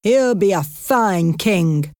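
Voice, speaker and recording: An easygoing countryman speaks in a friendly, relaxed way in an audiobook, as a woman reader does his voice. He sounds slow and lively, and the recording is dry and close. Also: fairly low pitch, dry recording. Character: easygoing older Irish man with a horse and cart.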